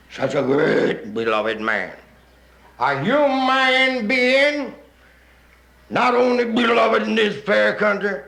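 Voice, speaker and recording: A man playing a pompous senator who gives a drawn-out, bombastic speech in a 1950s live comic monologue. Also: on the high side, vocal fry, sharp tone, heavily acted. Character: pompous middle-aged male senator orating. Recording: roomy live 1950s recording.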